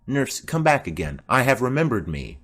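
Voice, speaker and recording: A man's voice: medium pitch, very animated, fairly bright tone, slightly rough. A man voicing a formal, commanding noblewoman mother in an audiobook play reading. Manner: formal, measured.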